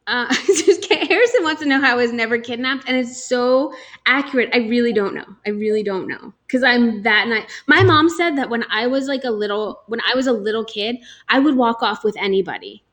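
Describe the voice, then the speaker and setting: A woman's voice: a little high, a little fast, a bit bright. A young woman from New Jersey co-hosting a casual talk show, chatty with lots of fillers and frequent laughs. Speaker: podcast co-host. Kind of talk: casual chat.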